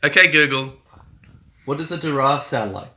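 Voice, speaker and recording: A man's voice: medium pitch, expressive, moderate pace, sharp tone, roomy sound. A man joking around with a friend, giggly and teasing, often breaking into laughter.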